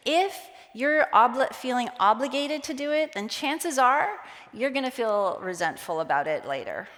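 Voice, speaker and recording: A woman giving a conference talk on stage, lively and acting out quoted voices. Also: high-pitched, moderate pace. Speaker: conference speaker. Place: conference hall. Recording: long hall reverb.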